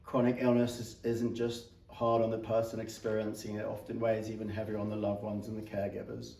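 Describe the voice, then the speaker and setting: British man, earnest read speech, flat delivery, heard from a distance in an echoey room. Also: on the low side, brisk. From Britain. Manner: earnest, with light self-mocking laughs. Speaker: patient giving a graduation speech. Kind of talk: read-out thank-you speech. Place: clinic room with a small audience.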